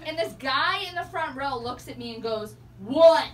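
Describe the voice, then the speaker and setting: A young woman working a club stage with a high, bright-pitched voice, chatting and poking fun at herself. She is picked up by a mic set some way off, so the sound is distant. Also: expressive, very noisy. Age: young adult. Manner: chatty, self-mocking, quick laughs. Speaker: stand-up comedian and host. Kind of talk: stand-up comedy set.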